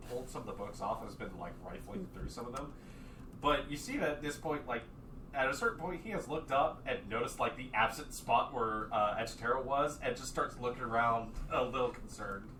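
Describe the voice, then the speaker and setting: A man narrating a tabletop game as game master, relaxed and loose, with many fillers. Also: mid-range voice. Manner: relaxed, lots of fillers, laughs easily. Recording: echoey, distant mic with background noise.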